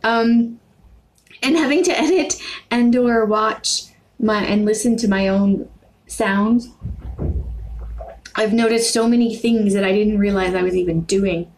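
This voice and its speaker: An American woman from the Northeast, with some Canadian-sounding vowels, vlogging casually about language, rambling and correcting herself, with quirky intonation that jumps up when she gets excited. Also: medium pitch, a little slow, long pauses, rough recording. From New York and Pennsylvania, USA. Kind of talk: casual talking-to-camera vlog.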